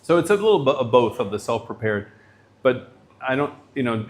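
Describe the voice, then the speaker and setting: A middle-aged man, a visiting professor, giving a lecture in a casual, animated storytelling way with lots of filler words. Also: mid-range voice, fairly quick.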